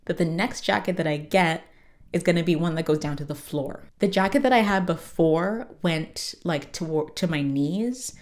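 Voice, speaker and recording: A woman's voice: fairly low pitch, normal speed. A woman podcast host giving a casual episode recap and chat, swearing freely with lots of fillers.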